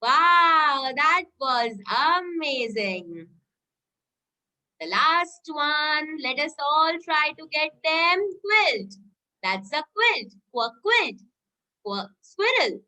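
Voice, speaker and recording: A woman's voice: high voice, big pitch swings, very slow, pauses often, bright, forceful tone. A woman kindergarten teacher giving an online lesson to young children, coaxing and cheering in a sing-song, exclamatory way.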